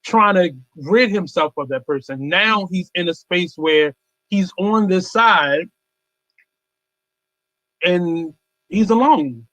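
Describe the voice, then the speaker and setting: A man's voice: high-pitched, slow, long pauses, fairly bright tone, no room sound, rough recording. A man co-hosting a radio talk show, chatting casually and giving background. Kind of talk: casual chat.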